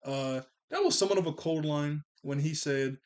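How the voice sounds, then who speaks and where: A man's voice: on the high side, normal speed, smooth. Rambling man recapping a movie casually. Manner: rambling, lots of "like" and "you know", chuckles often. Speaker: movie commentary vlogger.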